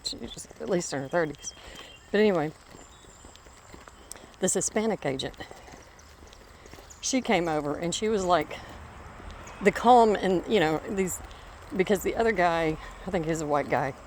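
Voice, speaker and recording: A middle-aged vlogger walks her dog outdoors, telling a rambling story in a voice on the low side and pausing now and then to call the dog. There's slight background noise.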